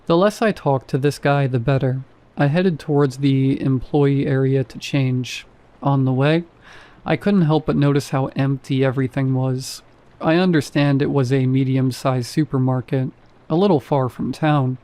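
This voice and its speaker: Male horror story narrator, mellow and dark-toned, wry and skeptical in the first person. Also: mid-range voice, steady tone, normal speed.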